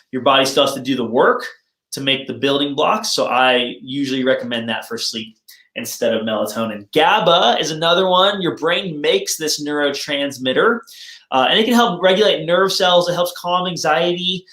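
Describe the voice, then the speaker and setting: A man's voice: fairly high pitch, normal speed, bright, forceful tone. Man giving a casual health talk, roomy sound. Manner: friendly, explanatory, self-joking. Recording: roomy echo.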